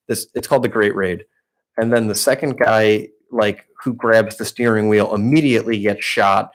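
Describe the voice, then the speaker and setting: A man's voice: on the low side, fairly even intonation, normal speed. A young man co-hosting a podcast, telling a long story in a rambling, profane way, packed with "like" and restarts. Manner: rambling storyteller, heavy swearing and filler "like". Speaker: podcast co-host. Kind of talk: casual chat.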